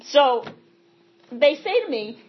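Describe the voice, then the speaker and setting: Husky woman, fairly high voice, frank rambling recovery share, dull lo-fi recording. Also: sing-song, slow pace. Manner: frank, rambling, self-correcting. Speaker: speaker sharing at a recovery meeting. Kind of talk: candid personal recovery story.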